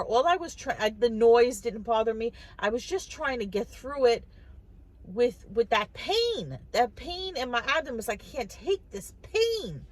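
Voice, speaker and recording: Chatty woman with a high voice. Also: low-quality recording. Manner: chatty, restarts and repeats words, quotes others. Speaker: vlogger. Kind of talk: casual storytelling to camera.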